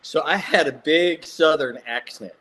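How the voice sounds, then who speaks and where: An older man from Mississippi, a guest telling animated, self-mocking stories in a casual chat. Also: a little high, unhurried, breathy edge. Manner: jokey, animated anecdotes with self-mocking humor. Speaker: guest actor. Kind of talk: casual storytelling.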